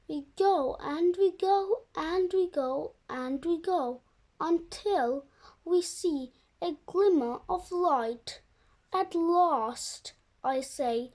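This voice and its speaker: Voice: very high voice, drawn-out words, darkish tone. A young reader reading a children's chapter book aloud with careful expression. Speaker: storybook reader.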